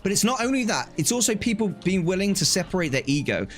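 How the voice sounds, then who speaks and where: A man's voice: high-pitched, very animated, fast, faint music behind. A young man chatting casually on a live stream, telling stories animatedly, acting out quoted exchanges and laughing often.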